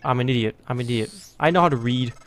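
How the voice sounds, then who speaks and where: A man doing let's play commentary, excitable and self-mocking, yelling and swearing at enemies. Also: mid-range voice, fast, slight background noise. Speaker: gaming video host.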